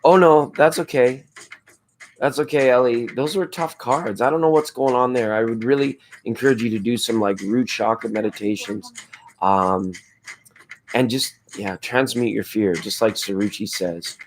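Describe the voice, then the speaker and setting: A man with a hoarse voice hosting a laid-back late-night tarot livestream, chatting with viewers in a rambling, spiritual way. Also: medium pitch, normal speed, slight background noise. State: hoarse from screaming at a football game. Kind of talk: casual late-night chat reading viewer comments.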